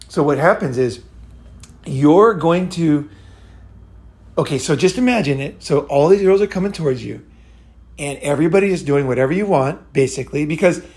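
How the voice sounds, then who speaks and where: A man talks in a loose, unscripted monologue for his own channel, blunt and profane. He circles back on his points, restarts sentences, and keeps checking in with "okay?" His voice sits a little higher than most men's. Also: darkish tone. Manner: rambling and blunt, swears freely, keeps asking "right?" and "okay?". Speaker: channel host giving dating advice. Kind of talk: casual monologue.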